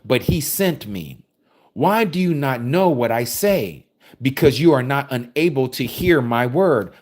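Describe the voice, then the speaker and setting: Man preaching with a lively, animated voice. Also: mid-range voice. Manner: forceful, preachy, rhetorical questions. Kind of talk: sermon reading and explaining scripture.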